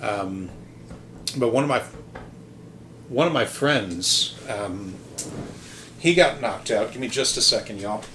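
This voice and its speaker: A man's voice: on the low side, lively intonation, takes it slowly, long pauses, bright, forceful tone, slight background noise. A man hosting a podcast, telling a casual story in a rambling, hesitant way, full of ums and restarts, with some casual swearing. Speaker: podcast host.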